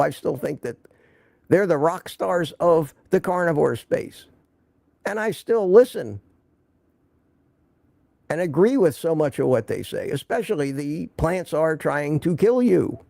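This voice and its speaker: A man's voice: on the high side, lively intonation, a little slow, vocal fry, dark tone, no echo. An older man hosting a casual live stream, rambling and joking while recovering from an illness. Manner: joking, rambling, reads viewer comments aloud.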